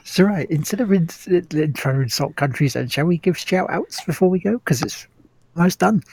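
A man co-hosting a gaming podcast in easygoing casual chat, laughing as he gives shout-outs. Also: a little high, expressive, moderate pace, husky, no echo. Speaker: podcast co-host.

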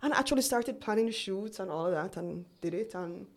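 Brisk and expressive, with a medium-pitched voice, a guest entrepreneur in her forties chats through her story on an interview show. She plays out remembered exchanges as she goes.

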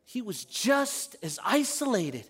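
A man preaching a sermon to a congregation, animated, moving between loud emphatic calls and quiet asides. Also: high-pitched, takes it slowly, slightly rough. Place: church service in front of a congregation.

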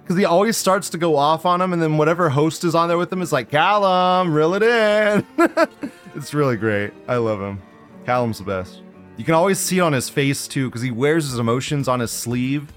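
A man hosting a live stream, chatting casually and sarcastically, swinging between loud outbursts and low mutters. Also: expressive, brisk, faint music behind. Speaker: livestream host.

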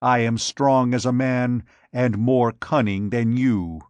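A fierce warrior queen issues cold, snarling threats, put on by a man reading a pulp adventure aloud. The delivery is slow and measured. It is recorded dry and close, with no room sound. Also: medium pitch, fairly even intonation, darkish tone, dry recording, close to an everyday voice. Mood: cold, threatening. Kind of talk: audiobook narration.

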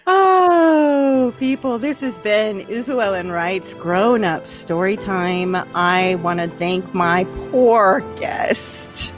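A woman hosting a casual podcast chat, laughing often and loudly as she talks. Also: mid-range voice, extremely slow, faint music behind. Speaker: host.

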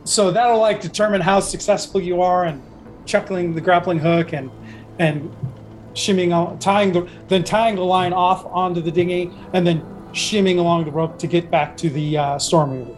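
A man with a high-pitched voice narrates a tabletop pirate game as game master, rambling loosely and circling back on his words. Faint music plays underneath. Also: fairly even intonation, moderate pace, low-quality recording. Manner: rambling, full of fillers and restarts.

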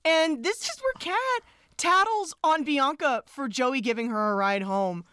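A woman hosting a podcast, recapping a film in animated, chatty talk with frequent laughs. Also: sits high, measured pace, dry recording, studio quality. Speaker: podcast host. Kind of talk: casual film recap chat.

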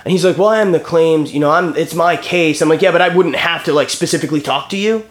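A man's voice: fairly high pitch, quick pace. A man in his thirties telling a story in casual chat, acting out phone calls and swearing freely. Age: 30s.

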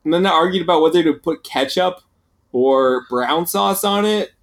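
A man's voice: fairly high pitch, normal speed. A man co-hosting a podcast, telling rambling, complaining stories in casual chat. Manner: rambling, complaining, animated storytelling. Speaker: podcast co-host.

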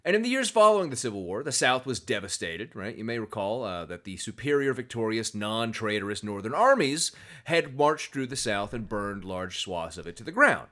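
Animated sarcastic male podcast host. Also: on the low side, moderate pace. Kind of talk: casual podcast chat.

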